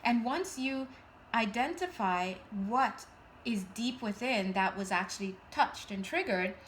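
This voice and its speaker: A woman giving a casual tarot reading, chatty and animated with jokey asides. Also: fairly high pitch, unhurried, slight background noise. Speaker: tarot reader.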